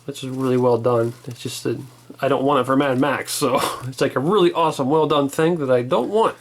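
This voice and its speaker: A man co-hosting a casual toy review, talking in a relaxed, rambling way with frequent restarts. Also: medium pitch, a little fast.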